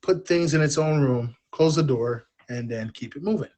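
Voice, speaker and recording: A man's voice: on the high side, normal speed, darkish tone. A man, a podcast guest speaking openly and in a rambling, self-deprecating way. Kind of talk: candid personal storytelling.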